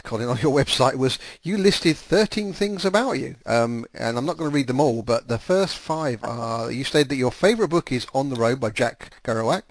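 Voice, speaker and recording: Rambling podcast host, dry sound. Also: male voice, medium pitch, no room sound. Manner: rambling, with many fillers and restarts. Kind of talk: casual podcast interview.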